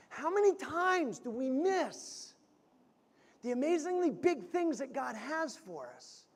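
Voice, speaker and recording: A man preaching a sermon as pastor, telling stories and swinging from loud to hushed. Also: very high voice. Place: church sanctuary. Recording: reverberant church hall.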